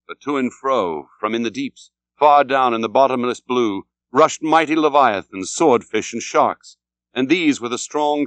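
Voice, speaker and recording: A man narrating an audiobook in a solemn, dramatic, measured way. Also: mid-range voice, fairly bright tone, dry recording.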